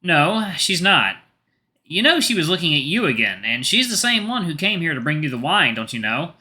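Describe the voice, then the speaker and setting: Visual novel role: a man reading a bashful, joking young guy, bright sharp voice, lively. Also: fairly high pitch, normal speed, voice pushed up, exaggerated voice. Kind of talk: visual novel read aloud.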